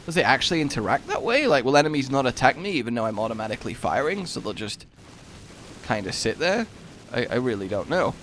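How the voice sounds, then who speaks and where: A man in his twenties, chatting over gameplay and telling a funny story with excitable outbursts. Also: mid-range voice, fast, slight background noise. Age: 20s. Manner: excitable anecdote-telling, bursts into loud exclamations. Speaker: gaming YouTuber.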